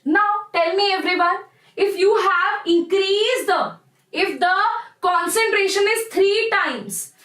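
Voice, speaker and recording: A woman's voice: extremely high pitch, slow pace, a bit bright, reverberant, low-quality recording. A young woman with an Indian English accent, teaching a live online chemistry class in a chatty, encouraging way. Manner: chatty and encouraging, addresses students as "bacha".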